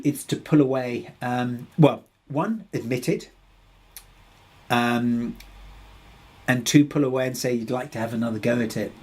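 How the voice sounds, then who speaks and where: A man presenting a webinar, answering audience questions in a hesitant way, with many restarts. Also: medium pitch. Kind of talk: live webinar Q&A.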